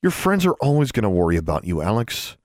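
A man reading an audiobook, voicing a brash teenage boy who teases his friends loudly. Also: on the low side, very animated, fast talker, no echo, clean studio sound. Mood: mocking laughter. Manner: loud guffawing teasing, then grumbling. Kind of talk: audiobook character voice.

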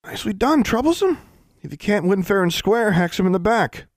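Male reader doing a sneering, high-voiced teenage wizard rival. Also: very animated, brisk, dry recording, clean studio sound, full character voice. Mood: mocking. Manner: mocking, taunting.

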